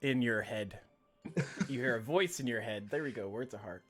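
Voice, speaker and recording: Guy running a tabletop game, easygoing narration, soft music behind. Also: medium pitch, moderate pace. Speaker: game master.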